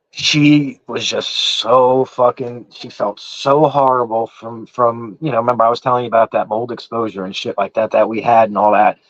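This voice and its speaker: His voice is medium in pitch and fairly bright as this East Coast man rambles through a long casual story, swearing a lot and repeating himself with "I said" restarts. There's no room sound, and the recording is muffled, dull and lo-fi.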